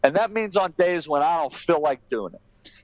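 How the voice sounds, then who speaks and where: A man imitating a determined young male boxer friend, speaking low and earnestly. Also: animated, normal speed, dry recording, close to an everyday voice, rough recording.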